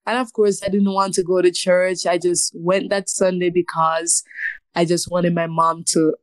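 A woman in her twenties tells her story as an interview guest, earnest and emotional. Her voice sits fairly low. The sound is dry and close, with no room around it. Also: little pitch movement, normal speed, dry recording. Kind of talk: personal testimony in an interview.

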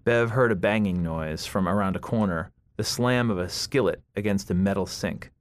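Low-voiced man reading fiction aloud. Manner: measured, deliberate. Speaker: author reading his story. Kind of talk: literary reading.

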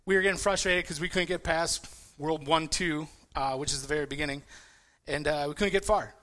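Bright-voiced man telling sermon stories. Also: on the high side, a little fast. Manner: repetitive restarts, animated storytelling. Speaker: preacher. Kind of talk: casual sermon with personal stories.

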